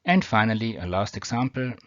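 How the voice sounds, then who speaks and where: A man with a German accent who teaches English grammar, explaining rules slowly and reading example sentences with care. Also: fairly low pitch, sing-song, fairly bright tone, no room sound. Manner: slow, deliberate, reads example sentences carefully. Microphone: built-in or cheap mic. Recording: dull, dry home recording.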